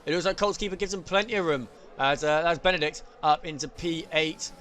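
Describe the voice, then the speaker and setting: A man calls an online race in quick, lively bursts. His voice is bright and a touch high, and a faint hiss sits under the recording. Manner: excitable, rising sharply at incidents. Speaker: race commentator. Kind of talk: sim racing commentary.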